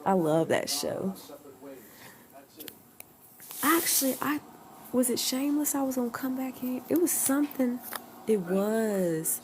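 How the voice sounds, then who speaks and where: A woman's voice: sits high, expressive, a little slow, long pauses, a little mellow, a little hiss or hum. A woman chatting casually at home on a livestream, rambling and laughing often. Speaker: livestream host.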